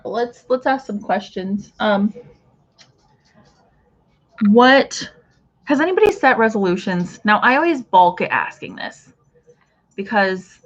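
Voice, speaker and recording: Over a muffled recording, a woman with a mid-range voice hosts a casual craft livestream. She chats with viewers, reads their comments out as she works, and tends to trail off and restart.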